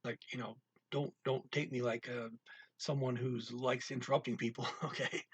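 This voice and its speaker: Male tutor, husky and unhurried, breaking phrases down word by word; dry, close sound. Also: level tone, no room sound, lo-fi sound. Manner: reads target-language lines louder and higher. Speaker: language tutor. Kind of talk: casual spoken language lesson.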